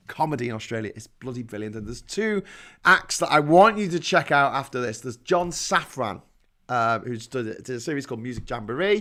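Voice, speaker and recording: Speaking at medium pitch with a fairly bright tone, an English host with a Liverpool accent rambles through stories in a casual monologue. He restarts often and swears mildly.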